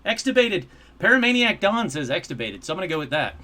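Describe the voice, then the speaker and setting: A man hosting a live call-in show, chatting casually and excitedly, poking fun at himself. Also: high voice, quick pace. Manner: animated, self-mocking, easily excited. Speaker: host.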